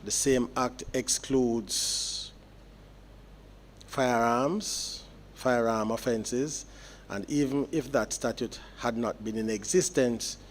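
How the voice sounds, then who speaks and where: A man, a judge delivering sentencing remarks in court in a measured, explanatory way with deliberate pauses. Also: mid-range voice, fairly even intonation, a little hiss or hum.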